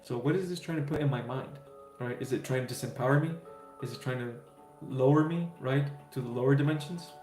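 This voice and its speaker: A man's voice: medium pitch, a little fast, darkish tone. A man hosting a casual spiritual livestream, answering viewers' questions in an easygoing, reassuring way with many fillers and "right?" tags. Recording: roomy echo with faint music.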